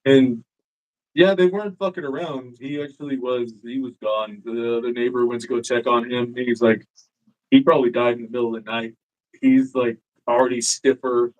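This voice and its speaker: A man's voice: mid-range voice, moderate pace, rough recording. A man telling a story as a guest in a casual chat, swearing freely and acting out what people said. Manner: profane, animated, acts out quotes. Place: live-streamed show.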